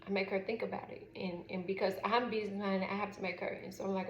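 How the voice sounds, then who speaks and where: A middle-aged woman with a Southern US drawl speaks frankly and loosely, stopping often on fillers as she tells her story. Her voice sits at an ordinary middle pitch. The room is echoey, with a faint hiss of background noise. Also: little pitch movement, fast, dull audio. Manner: frank, rambling, with lots of fillers. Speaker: mother. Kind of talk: casual storytelling vlog.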